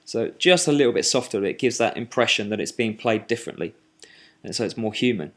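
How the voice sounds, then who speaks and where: A man giving a screen-recorded music software tutorial, talking while he clicks, with fillers and restarts. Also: fairly low pitch, lively intonation, a little fast.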